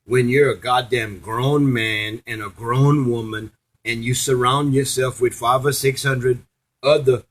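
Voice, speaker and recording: Husky man ranting angrily. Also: mid-range voice, a bit bright, poor audio. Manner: profane, confrontational, preachy. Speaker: vlogger. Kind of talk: angry ranting monologue.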